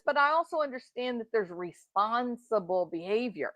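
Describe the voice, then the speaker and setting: A woman's voice: a little high, expressive, moderate pace, a bit bright, dry recording, low-quality recording. A middle-aged woman giving indignant, emphatic true crime reaction commentary. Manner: indignant, emphatic, talks straight to the subject. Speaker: commentary host.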